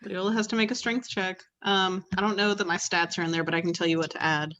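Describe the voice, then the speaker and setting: A woman's voice: on the low side, steady tone, fast, fairly bright tone, highs cut off, slight background noise. A woman playing a tabletop game, teasing and chuckling. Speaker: player. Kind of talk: casual tabletop play.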